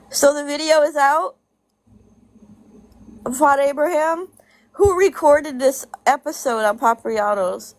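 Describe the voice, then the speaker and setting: A high-pitched woman vents straight to the camera, swearing freely and hammering each point home by saying it twice. Short laughs break up her complaints. The sound is dry and close, with no room around her. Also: dry recording. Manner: blunt, profane, laughing between points; repeats herself for emphasis. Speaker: social media commentator. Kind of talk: casual ranting vlog.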